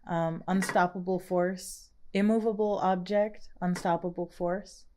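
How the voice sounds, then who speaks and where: A woman co-hosting a laid-back film review podcast. She talks in a slightly low voice, fills her sentences with casual fillers and laughs easily. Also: steady tone, a little slow, a little mellow, a little hiss or hum. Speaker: podcast host. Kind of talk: casual chat.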